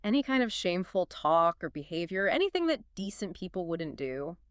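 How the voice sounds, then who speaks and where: Smooth low-voiced woman explaining casually. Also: sing-song, fairly quick, no room sound, studio quality. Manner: chatty, explanatory, uses "like" and "you know". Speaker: podcast co-host explaining a lecture. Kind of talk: casual podcast discussion.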